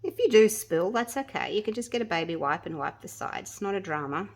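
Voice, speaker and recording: A woman's voice: mid-range voice, lively intonation, brisk. A woman hosting a casual resin craft tutorial vlog from her home workspace, chatting to viewers as she works and often restarting her sentences. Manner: chatty, talks to viewers while working, often trailing off and restarting. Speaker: resin craft channel host.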